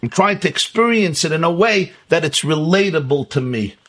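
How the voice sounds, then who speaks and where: Husky man giving an animated religious lecture. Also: fairly high pitch, moderate pace. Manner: emphatic, rhetorical questions, repeats key words. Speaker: Torah teacher. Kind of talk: Hasidic lecture.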